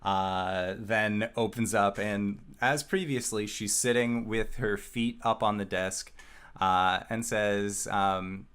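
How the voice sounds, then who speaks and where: A man narrating as game master of a tabletop game, slow with many filler sounds. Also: lowish voice, fairly even intonation, fairly bright tone, clear, resonant tone.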